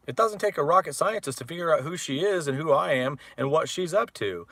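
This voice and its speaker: Man in his forties, gravelly voice, bright edge, profane heated rant, dry close sound. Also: on the high side, very animated, fast talker, hardly any pauses, no echo. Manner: profane, heated, mocking, with frequent filler words. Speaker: father venting about his ex-wife. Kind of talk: rambling personal rant.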